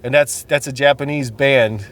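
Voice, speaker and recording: A man's voice: medium pitch, steady tone, moderate pace, fairly bright tone. Laid-back swearing male podcast host. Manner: laid-back, swears often, laughs a lot. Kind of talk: casual chat.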